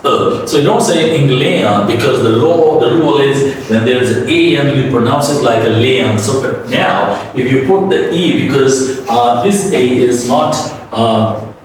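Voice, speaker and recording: A man's voice: medium pitch, unhurried, faint music behind. Man, pronunciation teacher, step-by-step lesson, very echoey room, mic set back, faint hum. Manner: explains step by step, often checks with "okay?". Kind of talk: spoken classroom lesson. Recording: roomy echo, mic at a distance.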